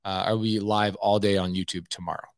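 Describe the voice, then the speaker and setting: A man's voice: lowish voice, little pitch movement, fast, no echo, studio quality. A man hosting a live stream, giving blunt, emphatic coaching advice and saying "okay" often. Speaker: host.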